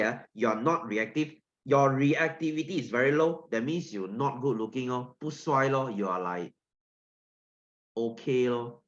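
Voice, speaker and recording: A man's voice: mid-range voice, lo-fi sound. A man with a Singaporean accent teaching an online science lesson, playful and jokey, full of teasing analogies.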